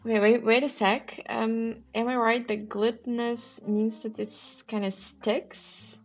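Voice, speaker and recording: A woman's voice: fairly high pitch, level tone, takes it slowly. A woman livestreaming a crossword solve, reading clues aloud and musing over answers with many hesitant ums. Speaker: streamer solving a crossword. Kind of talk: thinking aloud while solving. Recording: dull lo-fi recording. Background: faint background music.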